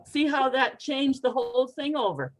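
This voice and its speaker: A woman's voice: high voice, normal speed, poor audio. Encouraging female pronunciation coach. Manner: expressive, encouraging, models phrases for repetition. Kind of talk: online group pronunciation lesson.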